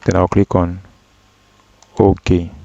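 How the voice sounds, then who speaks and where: A man teaching a data analysis tutorial, walking through each step slowly with frequent ums and self-corrections. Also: low voice, completely flat delivery, vocal fry, dark tone, no echo. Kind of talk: screen-recorded software tutorial. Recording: dull, dry lo-fi voice track.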